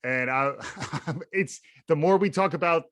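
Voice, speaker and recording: A man with a slightly higher voice, recorded dry and close, talking as a podcast co-host. He gives his opinions freely and riffs playfully. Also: slow pace, fairly bright tone, no echo. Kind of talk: casual podcast chat.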